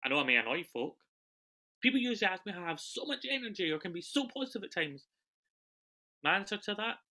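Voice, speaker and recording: A young man from the UK performs an autobiographical monologue over a video call. His delivery swings between loud, charged bursts and quiet, hushed lines. His voice sits fairly high and has a bright, sharp edge. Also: big pitch swings, quick pace. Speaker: solo performer.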